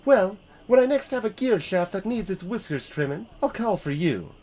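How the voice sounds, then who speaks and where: A man voicing an irritable, sharp-tongued woman artificer with a Yorkshire accent, raising his pitch for her. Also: sing-song, moderate pace. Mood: grumpy. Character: irritable grumbling woman artificer, gruff mechanic.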